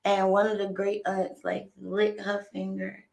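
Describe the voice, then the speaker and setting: Woman, co-host, laughs through her story, trails off softly, roomy echo. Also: mid-range voice, completely flat delivery, measured pace, creaky. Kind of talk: casual storytelling.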